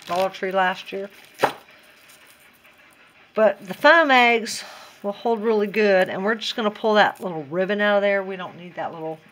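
A woman walks through a craft project in a relaxed, chatty tutorial. She giggles often and talks to herself as she works, in an ordinary mid-range voice. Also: medium pitch, a little hiss or hum. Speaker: DIY craft vlogger.

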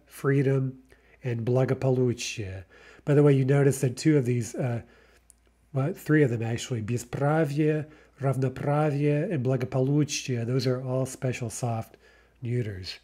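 A man's voice: medium pitch, moderate pace, mellow, husky. A man teaching a recorded language lesson, explaining patiently and often checking in with "right?".

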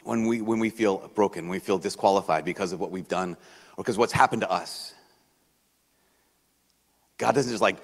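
Conversational priest in a big hall. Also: male voice, sits low, moderate pace, pauses often. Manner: conversational, animated, acts out quoted voices. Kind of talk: sermon. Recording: long hall reverb.

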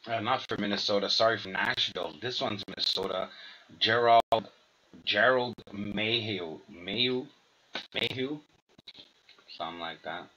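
A man opening packs of hockey cards, slowly reading out each player's name and number. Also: on the low side. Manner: halting, reads names and numbers aloud. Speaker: card collector opening packs. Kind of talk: slow unboxing commentary. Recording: dull lo-fi sound with faint noise.

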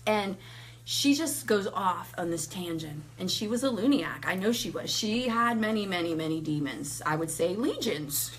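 This thirty-something woman tells her faith story casually at a moderate pace, her voice sitting on the low side. Lively throughout, she acts out what people said and laughs a lot.

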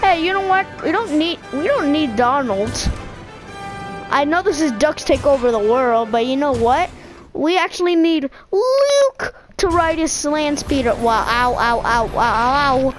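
A woman giving silly, boastful let's-play commentary over a video game, excitable and playful. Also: high voice, unhurried. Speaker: gaming video maker. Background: video game music.

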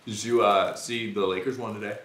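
An actor playing an excitable young man, telling a work story in a casual, slangy way in a naturalistic short film. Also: lowish voice, a little fast, close to an everyday voice. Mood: excited. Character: restless, excitable young man who misses office life. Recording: echoey room with rain noise. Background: rain.

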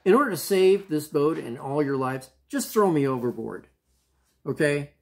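A reluctant, grumbling prophet in a storybook retelling for kids, as a man acts him out in a fairly high, casual voice. He talks plainly and complains about the job he doesn't want. There is no put-on accent or gravel, just an everyday voice. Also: lively intonation, normal speed. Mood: grudging.

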